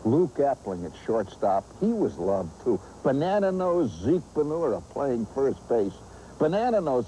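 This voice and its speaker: A man's voice: medium pitch, measured pace, slight background noise, low-quality recording. A man hosting and telling a humorous, nostalgic story with vivid asides. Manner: animated, nostalgic yarn-spinning with vivid asides. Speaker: host and storyteller.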